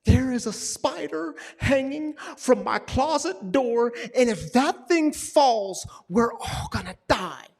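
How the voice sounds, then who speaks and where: A frightened eight-year-old girl, put on by a man, wails in a high, squeaky voice. She is panicky and desperate and pushes her voice loud with fear. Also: lively intonation, slow, vocal fry, few pauses, long reverb tail, exaggerated voice. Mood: panicked. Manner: panicky, wailing and high-pitched. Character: terrified little girl, eight years old.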